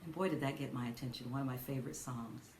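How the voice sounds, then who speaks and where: An older woman minister giving a sermon, telling stories in a gentle, folksy way. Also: very deep voice, fast talker, a little hiss or hum. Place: church. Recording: echoey room with faint ambience.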